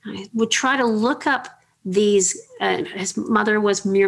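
A middle-aged woman hosting an interview, telling chatty, animated anecdotes with many fillers. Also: medium pitch, unhurried, creaky. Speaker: podcast host. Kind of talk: casual storytelling interview.

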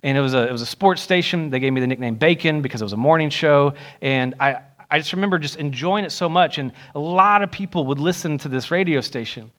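Animated young pastor preaching a sermon. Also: male voice, fast talker, hardly any pauses. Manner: animated, acts out quoted voices with rising pitch. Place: church sanctuary.

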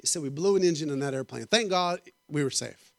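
A middle-aged man preaching a sermon, telling animated stories and joking with the congregation. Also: on the high side, a little fast, creaky, dry recording. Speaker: guest preacher. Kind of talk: storytelling sermon.

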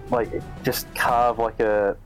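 A man's voice: mid-range voice, level tone, takes it slowly, soft background music, rough recording. A man playing a tabletop game, talking hesitantly with many fillers. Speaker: player.

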